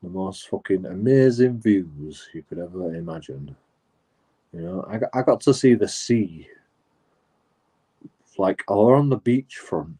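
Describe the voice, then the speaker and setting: In a deep, darkish voice with a breathy edge, a man streams a casual story. He rambles and curses, keeps restarting, and fills it with asides and "you know."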